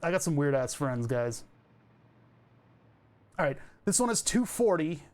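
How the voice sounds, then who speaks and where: A man's voice: on the high side, big pitch swings, a little slow. A man streaming a building game, chatting casually to his viewers in a rambling, self-mocking way. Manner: rambling, self-mocking, jokey asides to chat. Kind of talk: casual gameplay commentary.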